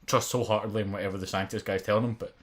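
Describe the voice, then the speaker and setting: A man's voice: on the low side, fairly even intonation, very fast. A Scottish man in his twenties co-hosting a podcast, rambling and swearing in casual chat. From Scotland. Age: 20s. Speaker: podcast co-host.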